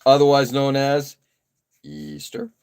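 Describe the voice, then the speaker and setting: Speaking slowly with a clean, mid-range tone, a forties-aged live stream host works on a model kit and chats casually. His talk is relaxed and meandering, packed with uh fillers and self-deprecating remarks.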